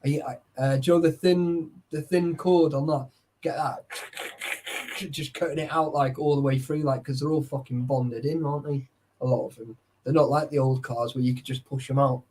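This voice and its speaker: A man's voice: medium pitch, fairly even intonation, moderate pace, darkish tone, a little hiss or hum. A man in casual chat, swearing freely and peppering his talk with "like" and "right". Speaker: urban explorer.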